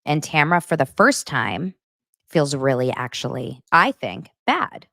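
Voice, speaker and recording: Recapping a reality show on her podcast, a woman keeps the commentary casual and animated, voicing the cast's lines in a mocking way. Her voice is low and a little slow, recorded dry at studio quality.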